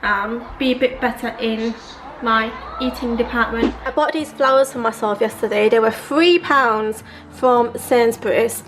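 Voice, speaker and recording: A woman's voice: a little high, unhurried, soft background music. A woman cooking in her home kitchen, chatting casually to the camera as she goes. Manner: chatty, relaxed, often says um and like. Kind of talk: casual chat.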